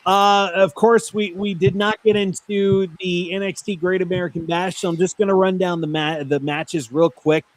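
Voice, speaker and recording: Man with a slightly higher voice running down match lists. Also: steady tone, normal speed, hardly any pauses. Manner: runs down match lists with frequent "uh" fillers. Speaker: podcast host. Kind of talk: casual wrestling podcast chat.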